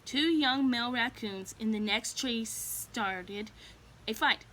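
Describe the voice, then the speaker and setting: Woman slowly reading a storybook aloud. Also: on the high side, pushed and bright, a little hiss or hum.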